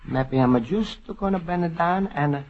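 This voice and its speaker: A man's voice: fairly high pitch, a little slow, natural voice. An actor playing a kindly, flustered Italian immigrant man with a heavy accent and broken English in a 1950s radio sitcom. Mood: doting, flustered. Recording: 1950s radio broadcast, dull, hissy, studio audience laughter.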